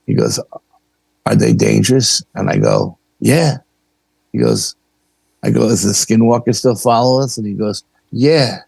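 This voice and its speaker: Gravelly-voiced New man telling a story. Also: lowish voice, unhurried, no echo. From New York. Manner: animated, acts out dialogue in the story. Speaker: podcast guest, paranormal investigator. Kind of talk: casual storytelling.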